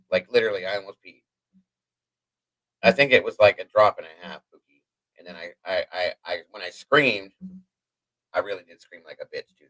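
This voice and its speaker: A man hosting a live stream, telling a long personal story in a rambling, profane, animated way. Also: fairly low pitch, rough recording. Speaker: host. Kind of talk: livestream storytelling.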